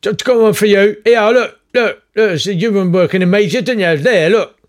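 Casting: a man doing a high, stammering, pushy job-club man, excitable and bossy. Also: normal speed. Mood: insistent.

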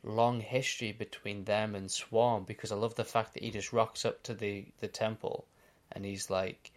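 An Australian man co-hosting a casual podcast, recapping episodes in a quick, animated way. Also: lowish voice. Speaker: podcast co-host.

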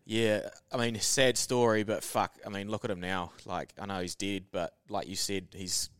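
A laid-back man chats casually on a podcast, mostly chipping in short replies. His voice is low and smooth, and it is recorded close and dry. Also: steady tone, moderate pace, a bit bright, no echo. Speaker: podcast co-host.

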